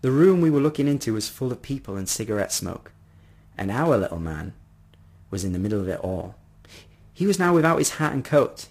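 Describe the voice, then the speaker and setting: A man narrating a first-person story in an expressive reading voice. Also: mid-range voice, breathy edge.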